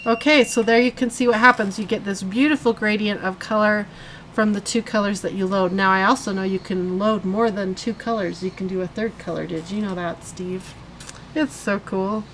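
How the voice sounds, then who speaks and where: A woman's voice: medium pitch, steady tone, moderate pace, slight background noise, rough recording. A woman hosting a live coloring tutorial, chatting casually as she demonstrates step by step. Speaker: host of a live coloring stream.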